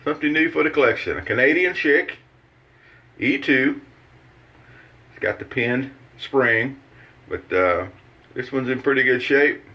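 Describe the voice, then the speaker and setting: A man's voice: medium pitch, expressive, unhurried, long pauses. A man with a mid-range voice chats in a folksy, rambling way while he shaves, walking through his routine with plenty of "uh"s and restarts. He sounds like he is at a bathroom sink, and the recording is dull and a little lo-fi. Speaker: shaving channel host. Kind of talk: casual how-to chat while shaving.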